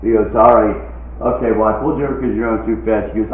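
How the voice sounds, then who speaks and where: A middle-aged man does a stand-up set on an outdoor stage before a live crowd, his lowish voice fairly even in intonation and quick in pace. He lands jokes punchily and acts out the quoted voices. The live show is captured in an echoey, lo-fi, phone-like recording.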